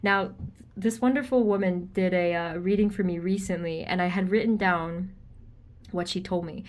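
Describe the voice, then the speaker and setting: A woman doing a pick-a-card tarot reading for viewers, gentle and reassuring, chatty, with frequent ums and an easy laugh. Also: fairly low pitch, steady tone, moderate pace. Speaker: tarot reader.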